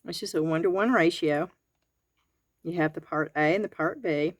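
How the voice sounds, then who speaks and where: A woman's voice: low voice, moderate pace, dry recording. A woman with a Southern US accent chatting homespun-style through a craft kit review in her garage, counting items aloud. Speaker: crafting video host. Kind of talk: real-time product review and tutorial. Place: home garage.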